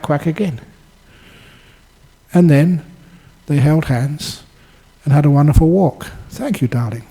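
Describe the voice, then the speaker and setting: Older monk telling stories in a talk, warm mellow voice, chuckles a lot. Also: male voice, medium pitch, moderate pace, long pauses, slightly rough, low-quality recording. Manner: storytelling, chuckling, lively. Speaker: Buddhist monk teacher. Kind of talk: dharma talk. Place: Buddhist centre.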